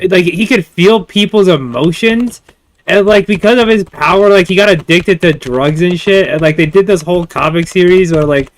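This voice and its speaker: A man's voice: high voice, no room sound. Rambling man searching his memory. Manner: rambling, hesitant, many "like"s. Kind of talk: casual chat.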